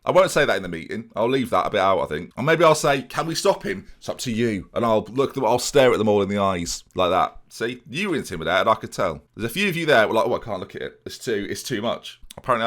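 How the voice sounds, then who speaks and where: A young man talking over his football management game with a jokey, self-mocking humour. His pitch moves around a lot, and he jumps into excited commentary when something goes his way. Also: quick pace. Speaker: gaming YouTuber. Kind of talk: casual Football Manager let's play commentary.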